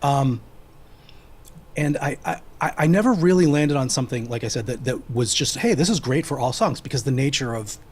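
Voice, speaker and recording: A man's voice: mid-range voice, expressive, a little fast, husky. A man explaining things casually, rambling with many restarts.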